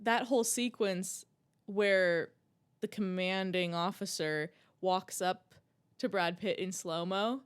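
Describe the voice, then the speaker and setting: A woman in casual podcast conversation, gushing about scripts and scenes. She talks eagerly, full of "like"s and laughs, at a middle pitch. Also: slow pace, smooth. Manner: enthusiastic, laughing, fillers like "like". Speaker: podcast co-host. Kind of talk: casual movie podcast chat.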